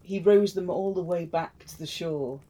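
A woman's voice: fairly low pitch, normal speed, dark tone, rough recording. A woman hosting a podcast, retelling a myth in a chatty, wry way. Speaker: podcast host.

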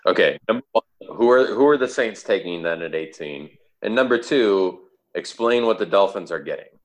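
A man hosts a casual podcast and keeps putting questions to his co-hosts. His voice is on the low side. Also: normal speed. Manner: steering questions, lively. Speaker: podcast host. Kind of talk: casual chat.

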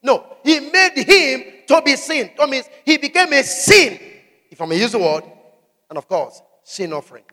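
High bright voiced preacher guy, shouting bible verses, long church echo. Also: sing-song, moderate pace. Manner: emphatic call-and-response preaching, shouting scripture. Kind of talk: sermon.

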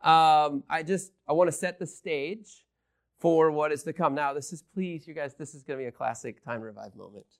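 A man teaching a Bible lesson, excitable, swinging between loud emphasis and hushed asides. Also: a little high, moderate pace, vocal fry.

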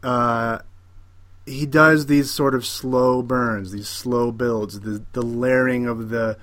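A man co-hosting a casual chat about a TV show, animated and opinionated, repeating words as he builds his point. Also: medium pitch, slow pace. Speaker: podcast co-host.

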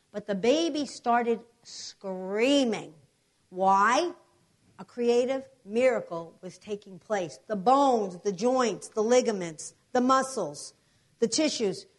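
Speaking in a slightly high voice, a woman preaches and relates healing testimonies, her storytelling emphatic and animated, full of repeated declarations.

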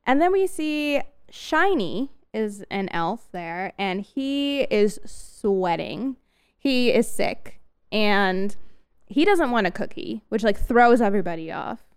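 A woman's voice: medium pitch, big pitch swings, takes it slowly, clear, resonant tone. A woman co-hosting a podcast, animatedly retelling a movie plot with laughs. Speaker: podcast co-host. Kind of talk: casual movie recap chat.

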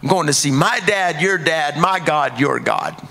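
A man preaching a sermon, swinging from hushed, quiet lines to shouted ones. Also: fairly high pitch, measured pace, gravelly, big-room sound.

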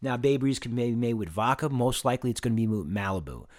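Man calmly teaching drink recipes. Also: medium pitch. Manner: plain, instructive, lists things slowly. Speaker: bartending instructor. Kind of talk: casual teaching podcast.

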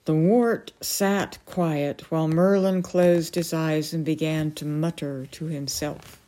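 A woman reading a novel aloud as a storyteller, measured and unhurried. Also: low voice, fairly even intonation, mellow.

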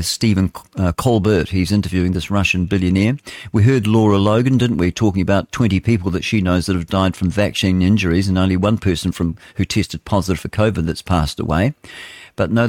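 Male radio host, low-ish voice, rambling casual delivery, dry close mic. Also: darkish tone, no echo. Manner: rambling, thinks aloud while hunting for clips.

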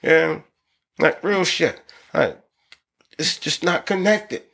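A man, hosting a podcast in profane, rambling casual chat that breaks into loud excited laughter. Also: fairly high pitch, takes it slowly, gravelly. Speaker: podcast host.

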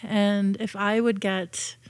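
A woman's voice: medium pitch, level tone, takes it slowly, no echo. A woman telling personal stories in a casual chat, with many fillers and restarts.

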